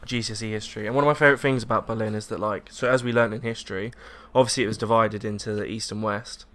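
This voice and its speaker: A young English man in casual podcast chat, animated, acting out the people in his story. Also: lowish voice, racing. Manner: animated storyteller, acts out quotes, laughs often. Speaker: podcast co-host.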